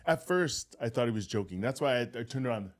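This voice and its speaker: A middle-aged man co-hosts a podcast and tells his stories in an easy, chatty way. His pitch swings widely as he acts out the people in them, and he laughs through the telling. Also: animated, a little fast. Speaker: podcast co-host. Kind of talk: casual storytelling chat.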